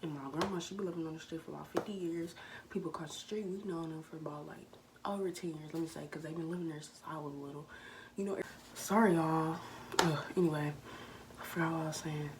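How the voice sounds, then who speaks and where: Young woman, low register, casual rambling storyteller who whispers asides to viewers; faint background hum. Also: fairly even intonation, fast. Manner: rambling, talks straight to viewers, slips into whispers. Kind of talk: storytime vlog, casual chat.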